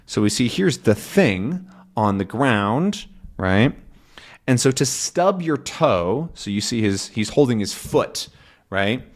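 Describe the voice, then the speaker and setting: Male language teacher for learners, unhurried, animated delivery, keeps rephrasing and checking understanding. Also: medium pitch. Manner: patient, repeats and rephrases, checks with "right?". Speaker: English teacher. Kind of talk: slow explanation for language learners.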